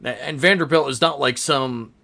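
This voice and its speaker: Bright-voiced chatty sports podcast man. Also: mid-range voice, moderate pace, gravelly. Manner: chatty, rambling, laughs easily. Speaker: podcast host. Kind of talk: casual sports chat.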